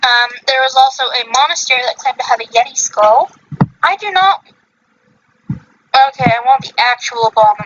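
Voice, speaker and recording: A woman's voice: high voice, normal speed, pauses often, fairly bright tone, lo-fi sound, a little hiss or hum. A woman hosting a podcast in casual chat, rambling with many fillers and self-corrections. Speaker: podcast host.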